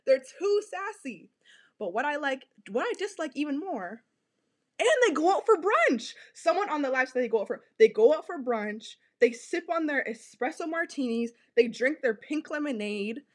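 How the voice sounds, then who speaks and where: Blunt, high-voiced woman ranting. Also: big pitch swings, normal speed. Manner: blunt, profane and repetitive. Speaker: podcast host. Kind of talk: casual podcast rant.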